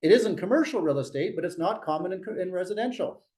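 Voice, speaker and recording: A man leading a real estate sales meeting, telling a story in an animated coaching tone and often restarting his phrases. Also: high voice, fast. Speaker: real estate team leader.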